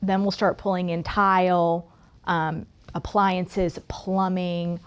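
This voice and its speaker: A woman's voice: lowish voice, little pitch movement, slow, clean tone. A woman who works as an interior designer, chatting as a guest and explaining her process step by step, often checking in with "right?". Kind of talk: casual interview chat.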